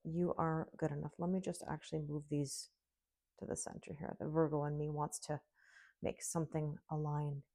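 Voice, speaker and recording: A woman's voice: sits low, flat delivery, normal speed, gravelly, mellow. A middle-aged woman giving a casual tarot reading, chatty and reassuring, often checking in with the listener. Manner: chatty, reassuring, often asks "okay?" and "right?". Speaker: tarot reader.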